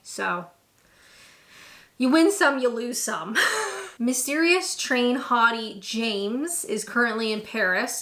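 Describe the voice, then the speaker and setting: Bright, sarcastic young woman recapping. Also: a little high. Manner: sarcastic, snarky commentary. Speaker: movie recap host. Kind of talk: casual comedic movie recap.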